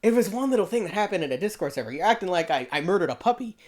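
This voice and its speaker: A man's voice: sits high, very animated, rapid-fire, a little mellow. A young man giving casual reaction commentary, defensive, laughing often and saying "bro" a lot. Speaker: YouTuber reacting to a video.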